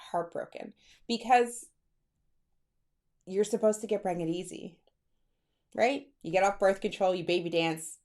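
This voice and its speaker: A woman fertility coach talking straight to camera in a chatty, excited and personal way, calling her viewers girl and sis. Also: on the low side. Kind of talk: direct-to-camera coaching talk.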